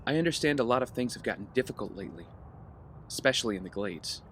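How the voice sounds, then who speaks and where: An earnest, conciliatory rich young man, played by a man in a mid-range voice, trying to smooth things over. Faint noise sits behind the audio-drama read. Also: mid-range voice, expressive, fast talker, fairly bright tone, close to an everyday voice. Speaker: wealthy heir.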